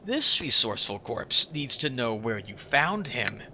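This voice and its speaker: A man voicing a sly, scheming man on a crutch, talking slow, oily and threatening. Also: mid-range voice, very animated, sharp tone, dull audio, a little hiss or hum, full character voice. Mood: smooth.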